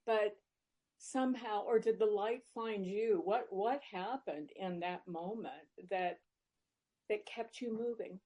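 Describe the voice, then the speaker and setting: A woman at a recovery meeting asks a thoughtful, hesitant question with many pauses. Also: mid-range voice, warm tone. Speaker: meeting participant asking a question.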